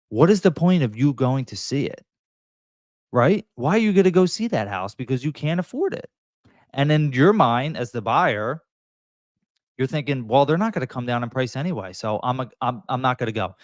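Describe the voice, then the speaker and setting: A man talks straight to camera like a real estate agent coaching sellers. His delivery is emphatic and conversational, with quick acted-out asides. The sound is dry and close, with no room around it. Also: mid-range voice, dry recording. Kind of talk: direct-to-camera advice talk.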